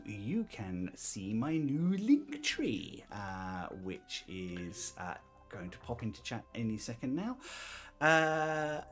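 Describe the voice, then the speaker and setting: A man hosting a tabletop game stream, chatting and plugging his work in a relaxed, laughing way with lots of ums. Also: on the low side. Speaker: host. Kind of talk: casual outro chat with plugs.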